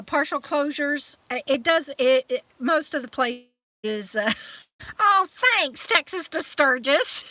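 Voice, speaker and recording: A woman hosting a live stream chat, warmly thanking viewers by name and trailing off with fillers as she signs off, still a little emotional from crying. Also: high-pitched, dry recording. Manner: chatty and affectionate, reading out viewer comments with many fillers.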